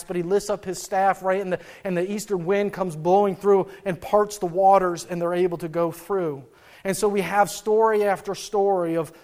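A man giving a sermon, telling a personal story and retelling scripture in an earnest way, with frequent restarts and fillers. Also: high voice. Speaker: preacher.

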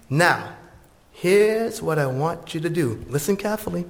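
Slow-speaking earnest male preacher. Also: fairly high pitch, expressive. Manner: slow, earnest storytelling and prayer. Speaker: pastor. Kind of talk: sermon.

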